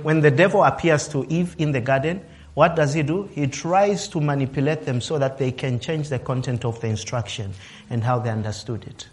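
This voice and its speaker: A man preaching a sermon, swinging his voice up and down for emphasis, acting out quotes and laughing now and then. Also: mid-range voice. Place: office worker.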